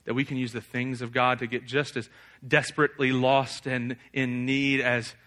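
A young man preaching a sermon, animated, often acting out a figure's angry prayer in a loud raised voice. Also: medium pitch, normal speed.

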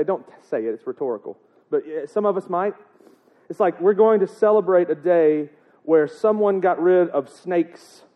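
A man preaching in a casual, joking way, often asking the congregation rhetorical questions. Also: high voice. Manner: joking, chatty, asks the crowd rhetorical questions. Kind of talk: casual sermon. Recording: tinny phone-like sound.

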